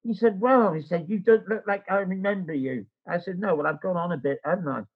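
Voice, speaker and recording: A man's voice: sits high, fairly quick, breathy edge, narrow, tinny audio. An older man telling a rambling personal story in casual chat, acting out the voices of the people in it. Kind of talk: casual anecdote.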